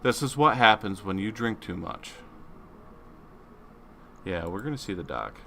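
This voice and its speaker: A man with a slightly low, bright voice gives relaxed game commentary. He rambles through menus and reads game text aloud. Faint noise sits behind him. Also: unhurried, creaky. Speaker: gaming video creator.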